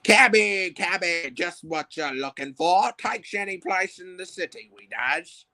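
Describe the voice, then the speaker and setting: A man's voice: high-pitched, expressive, unhurried, sharp tone, no echo, voice pushed up, heavily acted. A man voicing a cheery, chatty male city cab driver who talks in a folksy way with broken grammar.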